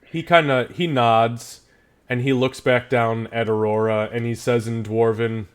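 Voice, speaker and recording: A man's voice: mid-range voice, steady tone, unhurried, clear, resonant tone. A man running a tabletop game, narrating casually with restarts. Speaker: game master.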